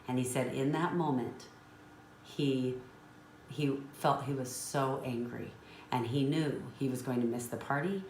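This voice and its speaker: A woman's voice: extremely low pitch, a little slow. A woman business trainer telling a motivational story in an earnest, emotional way. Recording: roomy with faint noise.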